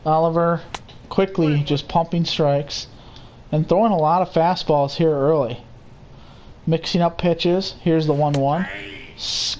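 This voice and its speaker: A young man calling a baseball game play by play, steady and unhurried, with casual asides. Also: on the high side. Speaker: play-by-play commentator. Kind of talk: simulated baseball commentary.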